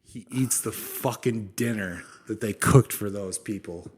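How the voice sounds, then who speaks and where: A young podcast co-host with a fairly low, unhurried, slightly rough voice recounts history casually. He's slangy and profane, says "dude" a lot, and acts out quotes.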